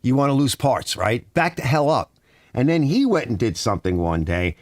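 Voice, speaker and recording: A middle-aged man chatting on a relaxed live stream, rambling from one story to the next and tossing in "right?" and "you know" all the time. His pitch swings a lot as he talks, rising high when he gets worked up. The sound is dry and close, with no room around it. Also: moderate pace, dry recording. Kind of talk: casual live-stream chat.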